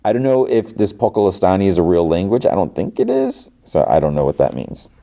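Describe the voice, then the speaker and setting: Low-voiced man rambling through a recap. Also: huge pitch swings, fairly quick, gravelly, warm tone. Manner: rambling, full of "like" and restarts. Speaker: podcast host. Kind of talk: casual episode recap.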